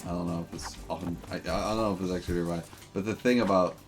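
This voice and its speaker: A man's voice: low-pitched, steady tone, fast, soft background music. A man streaming a game, joking and rambling with lots of fillers in casual commentary.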